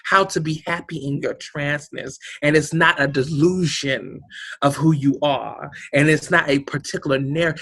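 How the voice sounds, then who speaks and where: Gravelly, husky woman, speaking emphatically. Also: low voice, fairly even intonation, normal speed, a bit bright. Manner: emphatic, preacher-like, with salty swearing and "baby". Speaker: guest, community organization director. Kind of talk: heartfelt conversational interview.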